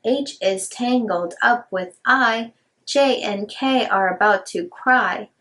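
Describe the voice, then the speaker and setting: A woman reads picture books aloud for small children, leaning into the sing-song rhymes. She takes it slowly and lets each line land. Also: on the high side, a bit bright. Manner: sing-song rhyming reading. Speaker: children's storyteller.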